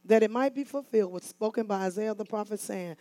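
A woman minister preaching a fiery call-and-response sermon, often rising to shouts. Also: medium pitch, fast, dry recording.

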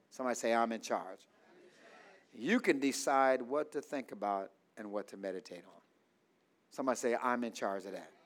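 A man preaching a call-and-response sermon in a church, leaving blanks in his lines for the congregation to fill and repeating key phrases. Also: mid-range voice. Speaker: pastor.

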